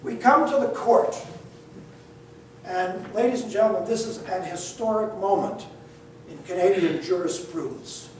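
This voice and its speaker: An older man telling a story to an audience in an animated, blunt and wry way, acting out the dialogue. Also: high-pitched, measured pace, a little hiss or hum. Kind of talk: lively spoken storytelling. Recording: very echoey, mic far off, faint ambience.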